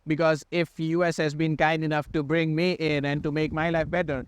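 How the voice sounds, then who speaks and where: A young man from India with an Indian English accent softened toward American, talking earnestly in a casual podcast conversation. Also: a little high, little pitch movement, a little fast, smooth. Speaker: podcast co-host.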